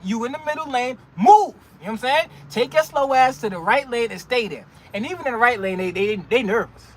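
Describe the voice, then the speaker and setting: A man with a very high-pitched voice rants casually about trucking, full of slang and mocking jabs. He stumbles over words, restarting and repeating himself as he goes. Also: expressive, a little fast, slight background noise. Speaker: truck driver vlogger. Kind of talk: casual ranting monologue.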